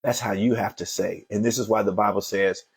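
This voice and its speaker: A man's voice: fairly low pitch, steady tone, fairly quick, slightly rough. A man giving an emphatic motivational sermon as host of a daily show, repeating phrases as he builds to fervent calls to action.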